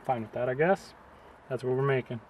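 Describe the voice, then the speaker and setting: A man's voice: medium pitch, brisk, a little mellow, slight background noise. A man vlogging outdoors beside a river, talking casually in a sarcastic, rambling way. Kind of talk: casual vlog rant.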